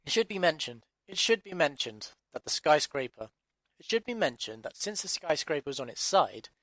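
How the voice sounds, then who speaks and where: A man's voice: a little high, very animated, normal speed, fairly bright tone, no room sound. A man from England, reading his own story aloud and muttering at himself through repeated restarts. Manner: exasperated self-talk with constant restarts. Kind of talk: audiobook narration outtakes.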